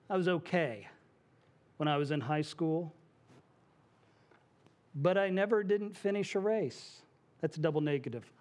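A male pastor preaching a sermon to his congregation in a church, conversational, with asides and small jokes. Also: sits high. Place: church sanctuary.

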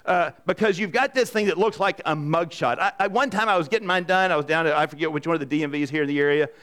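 A man preaching a sermon to a congregation in a conversational, animated way, often asking the room questions. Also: on the high side, fast. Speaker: pastor. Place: church in front of a congregation.

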